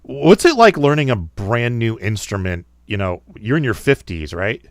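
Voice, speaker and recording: A man hosting a podcast, chatting casually, curious and quick to laugh. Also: mid-range voice, big pitch swings, no echo, clean studio sound. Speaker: podcast host.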